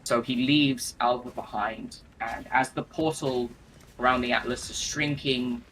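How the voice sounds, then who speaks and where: Guy rambling thru game lore, lots of um and like, bright voice, faint hum behind. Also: mid-range voice, fairly even intonation, poor audio. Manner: rambling, filler-heavy, halting restarts. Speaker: gamer retelling game lore. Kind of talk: casual storytelling while playing.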